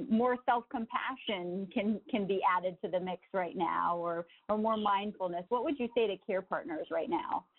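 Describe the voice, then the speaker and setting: A woman moderating a webinar, asking guiding questions in a steady way. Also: mid-range voice. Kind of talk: hosting a webinar. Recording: tinny phone-like line.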